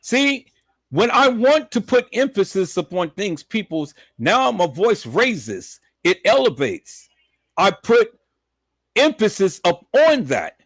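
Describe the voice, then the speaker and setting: A man hosting a live stream, talking in a preachy, repetitive way that swings from low muttering to loud emphatic shouting. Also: big pitch swings, takes it slowly, dry recording. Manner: preachy, repetitive, addresses viewers as peoples.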